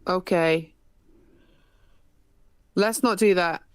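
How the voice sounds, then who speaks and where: A woman's voice: fairly low pitch, drawn-out words, clear, resonant tone, no echo. A woman hosting an online debate stream, questioning participants and asking them to explain. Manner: questioning, repeatedly interrupting to ask why. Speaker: stream host moderating.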